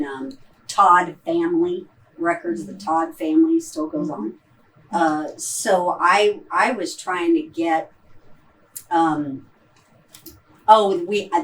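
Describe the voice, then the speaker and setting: A woman with a Midwestern American accent speaks slowly and a little low, picked up from a distance in a theater with a faint hiss underneath. She rambles through her answers with plenty of ums and false starts, in casual post-show talk. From Ohio. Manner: rambling, hesitant, lots of ums and restarts. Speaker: stage actress in a post-show talkback. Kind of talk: casual talkback answering audience questions. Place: theater auditorium.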